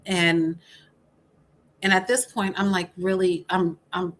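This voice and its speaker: Middle-aged woman, guest, candid storytelling, hesitant with fillers, low-set voice. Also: little pitch movement, takes it slowly, a little hiss or hum. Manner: hesitant, many fillers and restarts.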